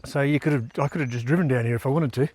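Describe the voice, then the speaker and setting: Walking a riverside trail, an Australian man vlogs casually, chatting in an easygoing, rambling way with plenty of fillers. His medium-pitched voice races along with a darkish tone.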